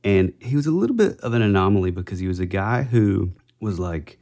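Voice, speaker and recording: A man with a low voice speaks in easygoing chat. He tells his own anecdote calmly and adds dry jokes. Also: fairly quick. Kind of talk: casual chat.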